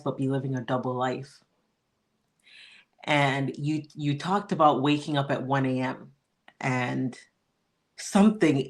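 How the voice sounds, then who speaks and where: Empathetic podcast host in conversation. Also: medium pitch. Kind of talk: conversational interview.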